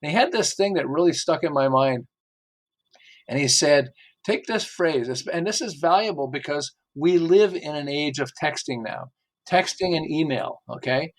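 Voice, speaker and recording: A man's voice: on the high side, moderate pace. A middle-aged man, a marketing expert guest, chatting casually and acting out quotes as he tells stories. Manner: animated storyteller who acts out quotes. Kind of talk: casual interview chat.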